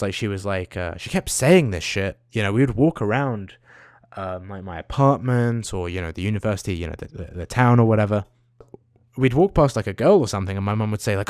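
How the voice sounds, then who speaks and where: A man's voice: on the low side, a little mellow, dry recording, clean studio sound. Rambling, profane young man. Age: young adult. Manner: rambling, profane, self-mocking. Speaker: vlogger. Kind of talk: casual rant to camera.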